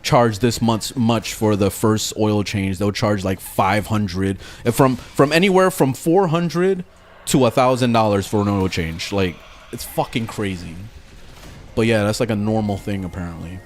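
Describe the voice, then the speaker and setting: A man's voice: lowish voice, a little slow, slight background noise. Swearing man on a gaming stream. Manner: animated storytelling, swears a lot. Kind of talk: casual gaming stream chat.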